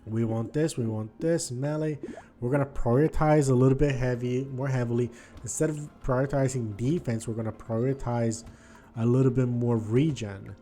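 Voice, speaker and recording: Excitable gaming commentator, mellow voice. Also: male voice, mid-range voice, moderate pace. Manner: excitable, swings from muttering to frustrated outbursts; thinks aloud, repeats words and restarts. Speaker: gaming video host. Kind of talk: casual gameplay commentary.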